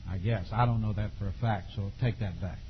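A middle-aged man preaching a sermon in a folksy, animated way, with sudden shouts. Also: lowish voice, fairly quick. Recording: dull lo-fi recording in a long-reverb hall.

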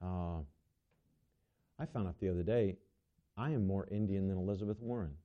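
A man's voice: deep voice, moderate pace. A male preacher delivering a sermon to a congregation, asking them questions and often restarting his sentences. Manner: asks the congregation rhetorical questions, stumbles and restarts. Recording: dull lo-fi recording.

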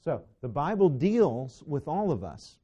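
A man's voice: fairly high pitch, sing-song, measured pace, dark tone, slightly rough, dull audio. A man teaching a Bible lesson to a class in a conversational, digressive way, with asides to his students.

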